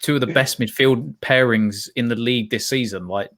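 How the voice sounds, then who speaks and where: A man co-hosting a casual football chat, animated and laughing often, restarting his sentences. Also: mid-range voice, moderate pace. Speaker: football podcast co-host.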